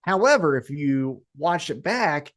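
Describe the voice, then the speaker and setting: A man's voice: on the high side, sing-song, measured pace, a bit bright. A man co-hosting a wrestling podcast, recapping matches in casual talk and giving blunt opinions with some swearing. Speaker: podcast co-host.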